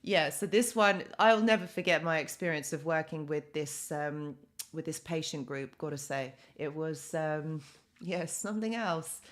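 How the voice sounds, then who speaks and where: A young woman talks casually to viewers as the host of a live Q&A stream. Her voice sits a little low, and she rambles through fillers and self-corrections as she shares her views from her work as a psychologist. Her voice comes through a webcam or desk mic. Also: a little slow. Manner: chatty, many fillers and restarts, reads out comments.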